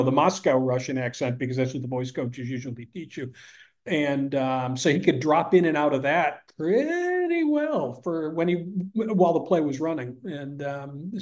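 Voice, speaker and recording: Older male guest, Northeastern US accent, rambling anecdotal talker, slightly high voice. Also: darkish tone. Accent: American Northeast. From upstate New York. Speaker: podcast guest. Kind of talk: casual conversation.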